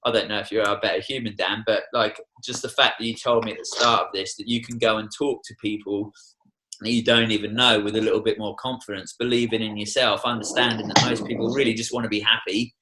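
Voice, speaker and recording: A man's voice: lowish voice, level tone, fast, background noise. A young Australian man, a tour guide, talking passionately and swearing freely as a guest in a podcast studio. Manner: passionate, heavy swearing, preachy. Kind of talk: casual podcast conversation.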